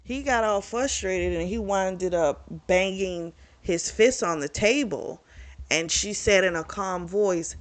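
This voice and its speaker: Speaking slowly at medium pitch, a young woman vlogs for her book club, recapping and reviewing a romance novel. Her manner is casual and candid, with free swearing and direct address to viewers.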